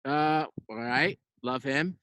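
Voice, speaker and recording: A man hosting a radio show, chatting loosely and firing off quick questions. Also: mid-range voice, sharp tone, smooth, no echo. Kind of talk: casual chat. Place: backyard, outdoors.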